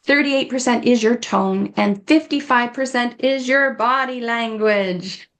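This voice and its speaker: A woman's voice: a little high, unhurried, fairly bright tone. A woman giving an informal, earnest talk on dementia care, often acting out quoted dialogue.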